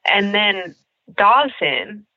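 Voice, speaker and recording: A woman co-hosting a casual podcast chat about a TV episode, talking in an animated way, full of "like" and "you know". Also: medium pitch, very slow, dry recording, dull audio. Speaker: podcast co-host.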